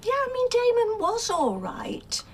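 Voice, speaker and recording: A woman's voice: extremely high pitch, wildly swooping pitch, measured pace, a little hiss or hum, heavily acted. An actress playing an older mother standing by her new partner, firm and earnest, in a TV soap. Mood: defensive. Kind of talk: TV soap drama acting.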